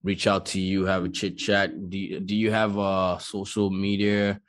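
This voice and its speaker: Male podcast host, lowish voice, upbeat and encouraging while wrapping up the interview. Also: level tone, moderate pace. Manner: upbeat and encouraging, friendly thanks to the guest. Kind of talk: interview wrap-up.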